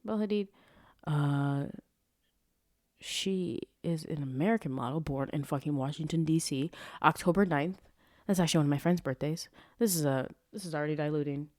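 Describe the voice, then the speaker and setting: A woman's voice: low voice, moderate pace, a little mellow, no room sound, clean studio sound. A young adult woman hosting her own podcast in casual, rambling chat that swears freely and keeps drifting off topic. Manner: rambling, profane, easily sidetracked. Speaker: podcast host. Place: at home, street traffic nearby.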